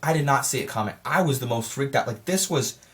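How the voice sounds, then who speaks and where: Brief: excitable male film reviewer, casual and rambling, mid-range pitch. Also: fast. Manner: rambling, excitable, self-correcting.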